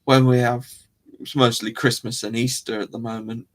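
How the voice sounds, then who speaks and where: With a mid-range, fairly bright voice and flat delivery, a man hosts a casual livestream at moderate pace. He rambles to his chat and keeps trailing off, then restarting his sentences.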